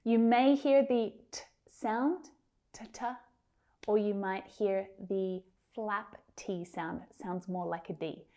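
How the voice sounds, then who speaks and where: Slow, mellow-voiced pronunciation teacher woman. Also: mid-range voice, steady tone. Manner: careful, drawn-out repetition of words.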